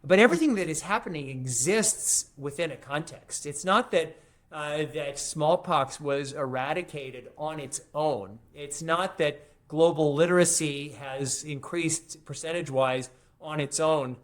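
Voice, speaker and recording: Male guest, emphatic, repeats phrases for effect, slightly high voice. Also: measured pace, a bit bright. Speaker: historian and futurist guest. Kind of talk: podcast interview.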